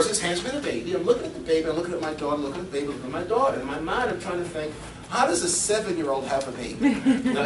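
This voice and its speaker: A middle-aged man, a fitness coach, telling personal stories in a seminar talk with animated delivery and frequent chuckles. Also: fairly high pitch, noisy background. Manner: animated storyteller, chuckles often. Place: seminar room. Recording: echoey room from far off.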